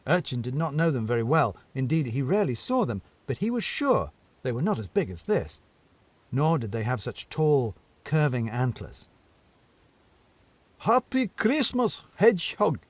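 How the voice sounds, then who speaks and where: Brief: male narrator, lively storybook reading, dry close-miked sound. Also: mid-range voice, no echo.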